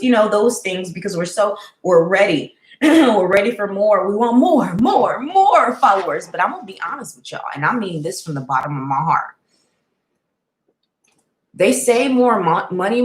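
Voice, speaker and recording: A woman's voice: fairly high pitch, echoey room, rough recording. A woman chatting casually on a live stream, speaking heartfelt and straight to her viewers and answering their comments.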